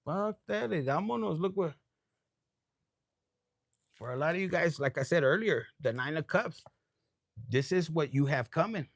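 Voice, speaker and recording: A man's voice: fairly high pitch, expressive, a little slow, long pauses, no echo, studio quality. A man giving a casual live tarot reading, tipsy, loose and profane, dropping Spanish phrases. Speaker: tarot reader.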